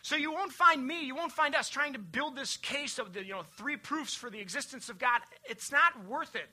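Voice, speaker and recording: A pastor preaching a sermon with emphatic delivery, swinging from loud declarations to hushed, low passages and building repeated lists. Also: normal speed. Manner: builds repetitive lists and refrains.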